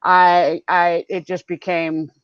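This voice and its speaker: A woman's voice: fairly low pitch, little pitch movement, slow, clean tone, dry recording. A woman telling a bubbly, giggly story on a video call. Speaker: video hangout participant. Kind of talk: casual video call chat. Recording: dull, dry video call audio.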